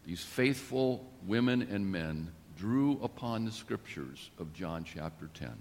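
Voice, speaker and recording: A man preaching a sermon in a measured, deliberate way, with emphatic rises. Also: fairly low pitch, lively intonation, darkish tone, slight background noise. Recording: long reverb of a church.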